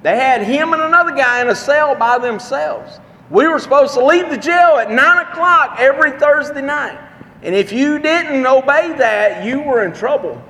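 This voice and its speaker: A man preaching a sermon, telling a personal story in a folksy, earnest way with dramatic pauses. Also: very high-pitched, expressive, bright, forceful tone. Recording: long reverb, faint background noise.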